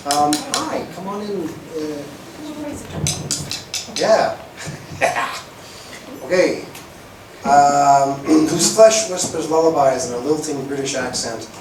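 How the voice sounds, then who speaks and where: Male spoken-word poet, wry and rhythmic, slightly raised pitch; distant mic, faint room hiss. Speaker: performance poet. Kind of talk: spoken-word poetry reading. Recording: echoey room, far from mic.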